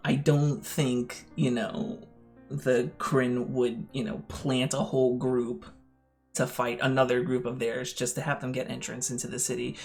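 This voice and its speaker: A man's voice: mid-range voice, gravelly, a little mellow. A man voicing a brusque, commanding woman army general who speaks curtly. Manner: curt, commanding.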